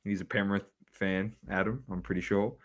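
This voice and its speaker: Teasing Australian man, lowish voice. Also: fairly even intonation, moderate pace. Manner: jokey, teasing, runs the segments. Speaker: podcast host. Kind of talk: casual sports chat.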